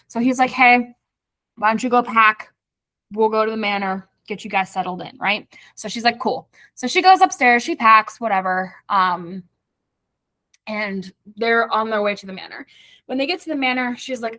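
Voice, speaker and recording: Podcast co-host, woman, bright and lively, recaps the plot with acted-out quotes; close, dry mic. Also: fairly high pitch, moderate pace, dry recording. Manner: animated retelling, acting out characters' lines. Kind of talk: casual book club chat.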